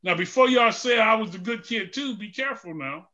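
Male preacher, high and brassy, call-and-response sermon with shouted peaks and soft questions. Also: lively intonation, a little fast, muffled recording.

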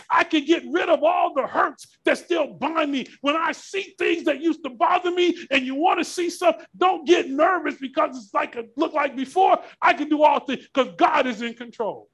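A man preaching a sermon, climbing into shouts and asking the congregation to finish the verses. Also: extremely high pitch, moderate pace, few pauses. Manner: preaching with rising shouts and call-and-response questions. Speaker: pastor.

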